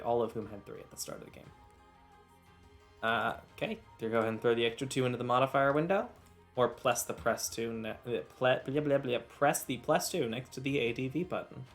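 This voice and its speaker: A man runs a tabletop game, describing the combat and pausing to explain rules with plenty of uhs. His pitch sits in the ordinary middle. Faint music plays behind him. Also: fairly bright tone. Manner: explains rules patiently, many filler uhs. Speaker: game master. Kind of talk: narrating and refereeing a tabletop game.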